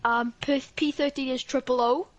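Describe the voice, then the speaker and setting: A woman with a Welsh accent and a fairly high voice, co-hosting a live race stream. She reads names and places in a calm, matter-of-fact tone. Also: moderate pace, dull audio. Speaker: co-host reading results. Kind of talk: casual stream chat.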